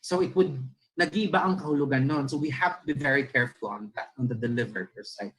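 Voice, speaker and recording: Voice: medium pitch, fast, fairly bright tone, poor audio. Explanatory teacher with a Filipino accent. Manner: explanatory, checks in with listeners often; demonstrates intonation by reading lines aloud. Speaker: teacher giving a talk on literacy. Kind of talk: lecture-style webinar talk.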